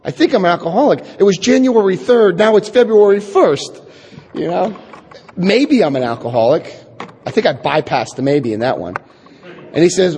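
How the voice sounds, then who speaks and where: A middle-aged man giving a personal testimony talk to an audience, an animated storyteller who acts out quotes and adds wry asides. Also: high-pitched, normal speed, slightly rough. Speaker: speaker telling his recovery story. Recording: echoey hall.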